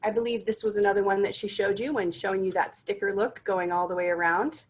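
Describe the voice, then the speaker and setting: A woman's voice: mid-range voice, little pitch movement, quick pace, noisy background. A woman presenting corporate gift drinkware in a product demonstration, enthusiastic and gushing about each item.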